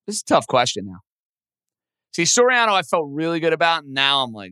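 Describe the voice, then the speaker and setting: A man hosting a sports radio show, casually thinking out loud as he works through baseball trivia. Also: a little high, brisk, smooth, no room sound. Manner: animated, thinks out loud, self-deprecating.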